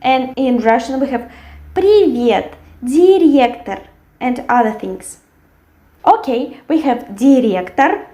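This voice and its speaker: A woman teaching a language lesson, carefully repeating words slowly for learners. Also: a little high, warm tone. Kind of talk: language lesson with word drills. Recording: echoey room.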